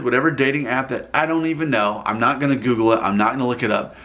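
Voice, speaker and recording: A man's voice: medium pitch, quick pace, a bit bright. A man casually rambling as he reacts to viewer comments in his vlog, often breaking into laughter.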